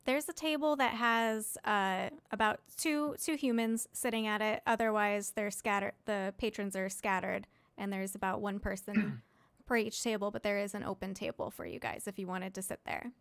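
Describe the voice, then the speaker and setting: A woman's voice: medium pitch, steady tone, moderate pace. A woman narrating a tabletop game as dungeon master, casual and laughing often.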